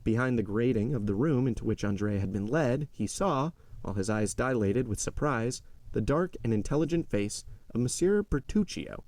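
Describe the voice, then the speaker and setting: A man narrating a classic novel aloud in a measured storytelling manner. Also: mid-range voice, darkish tone, no echo. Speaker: audiobook narrator.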